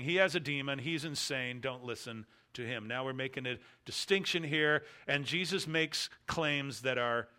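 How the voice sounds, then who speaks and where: A man preaching a sermon, stressing key words loudly and letting his phrase ends fall low and quiet. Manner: emphatic, stresses key words with bursts of volume. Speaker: pastor.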